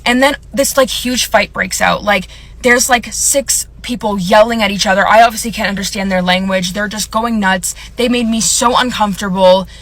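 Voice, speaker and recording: A young woman, a content creator, rambles through a storytime vlog about a bad nail appointment, upset and on the verge of tears, peppering her talk with "like." Her voice is medium-pitched and fairly bright, steady in tone at a normal speed, in a dry recording.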